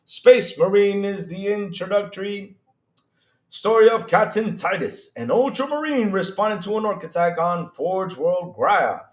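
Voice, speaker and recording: Excitable guy doing a gaming stream, high voice, kinda echoey room. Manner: animated, reads chat aloud, slangy asides. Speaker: podcast host. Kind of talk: casual livestream chat, reading news.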